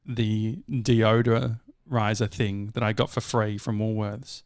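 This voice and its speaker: A man's voice: on the low side, little pitch movement, slow, darkish tone, no room sound, studio quality. An Australian man co-hosting a casual chat podcast, telling rambling stories and correcting himself as he goes. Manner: rambling, self-correcting storyteller. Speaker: podcast co-host.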